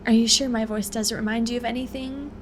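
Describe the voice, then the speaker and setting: An eerie phantom mother coaxing softly in a creepy voice, put on by a woman. The voice sits fairly high, with a faint hiss behind it. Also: steady tone, fairly quick, close to an everyday voice. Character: eerie ghostly mother on a bus.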